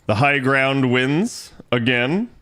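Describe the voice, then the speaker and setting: A man's voice: mid-range voice, expressive, slow, a bit bright. A man streaming a strategy game, casually explaining his moves aloud and swearing now and then. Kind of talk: casual gameplay commentary.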